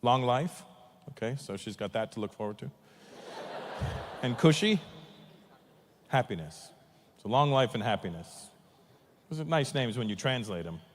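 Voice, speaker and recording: A man chatting with someone in the audience in a wry, low-key way. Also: expressive, moderate pace, long pauses. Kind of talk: crowd work. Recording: hall reverb with faint noise.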